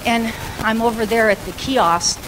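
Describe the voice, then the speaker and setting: A woman pastor preaching a sermon, telling a personal story in a chatty, animated way and acting out the other people's lines. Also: fairly high pitch, measured pace. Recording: live church recording with steady background noise.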